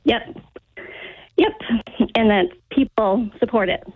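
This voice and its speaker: A woman's voice: a little high, takes it slowly, dry recording. Blunt woman caller over a phone line. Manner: blunt, short emphatic replies. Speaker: caller, restaurant worker. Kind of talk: phone-in talk.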